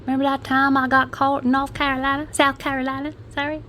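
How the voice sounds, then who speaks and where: A woman's voice: little pitch movement, fast, bright, forceful tone, slight background noise. A woman putting on a mock American accent to play a flustered female drug smuggler. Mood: flippant. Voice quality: high, squealing put-on voice.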